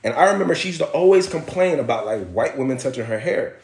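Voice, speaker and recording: A man's voice: mid-range voice, fast talker. Blunt, profane young man from Miami. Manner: blunt, profane, animated storyteller. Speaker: livestream host. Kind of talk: casual livestream storytelling. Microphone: phone livestream. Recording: roomy echo.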